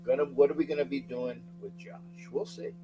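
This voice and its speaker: A middle-aged man hosting a casual sports livestream, excitably shouting out viewers' names and rambling between topics. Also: a little high, a little fast, noisy background. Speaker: livestream sports talk host.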